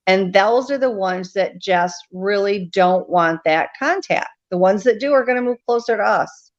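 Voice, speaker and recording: A woman's voice: mid-range voice, normal speed. A woman guest chatting casually and laughing easily on a radio show, calling in by video. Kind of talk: casual chat over a video call. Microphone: video call. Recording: dull video call audio.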